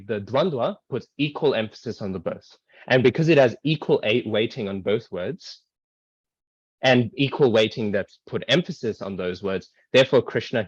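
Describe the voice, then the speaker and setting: Low-voiced man teaching an online class. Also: no echo, lo-fi sound. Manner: explanatory, many ums and rights, asides. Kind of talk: casual online class lecture. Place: online video call.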